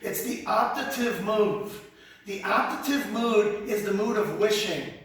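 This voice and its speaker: A man teaching from the Bible in a sermon, animated and conversational, often repeating words as he goes. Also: high voice, unhurried. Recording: very echoey hall, speaker far from mic.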